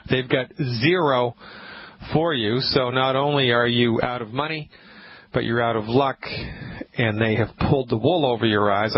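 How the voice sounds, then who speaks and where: Emphatic man hosting call-in radio. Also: mid-range voice. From Nantucket, USA. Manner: emphatic, repetitive ranting. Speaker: radio talk show host. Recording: dull radio broadcast sound.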